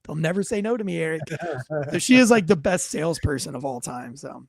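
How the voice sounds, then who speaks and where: High-voiced man telling rambling stories. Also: expressive, a little fast, gravelly. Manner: rambling storyteller, swears freely, acts out quotes. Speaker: host, former police officer. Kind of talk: casual livestream chat.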